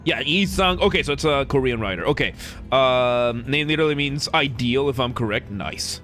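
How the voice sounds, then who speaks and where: A man's voice: medium pitch, animated, normal speed, fairly bright tone, soft background music. A man streaming a game, chatting casually and joking with chat in a rambling, self-correcting way. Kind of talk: casual live-stream commentary.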